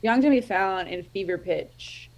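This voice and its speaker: A woman's voice: mid-range voice, moderate pace, a little hiss or hum, poor audio. A woman co-hosting a casual podcast chat over a video call, in a laid-back manner. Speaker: podcast co-host. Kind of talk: casual chat on a live stream. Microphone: computer mic on a video call.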